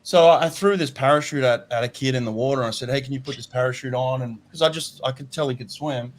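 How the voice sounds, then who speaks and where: A man's voice: medium pitch, quick pace. Rambling man, casual chat. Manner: rambling, repeats words, says "mate" often. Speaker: podcast host.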